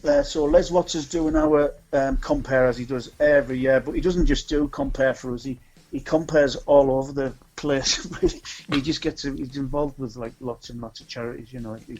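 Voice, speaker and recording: A man's voice: mid-range voice, steady tone, moderate pace, a little mellow, dull audio. North East English man chatting casually. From Scotland. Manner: rambling, with many ums and restarts. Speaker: guest, charity event organiser. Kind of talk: casual chat.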